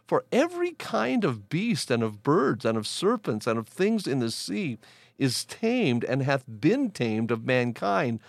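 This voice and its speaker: Middle-aged pastor, gravelly voice, lively pitch, measured reading of scripture, close dry mic. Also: male voice, dry recording. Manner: slow, deliberate scripture reading in King James wording. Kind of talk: Bible reading and teaching podcast talk.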